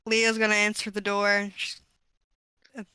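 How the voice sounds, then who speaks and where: A woman's voice: medium pitch, completely flat delivery, unhurried, bright, forceful tone, smooth, no room sound, low-quality recording. A woman playing in a tabletop game, talking hesitantly with many fillers. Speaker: player. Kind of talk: casual tabletop role-play.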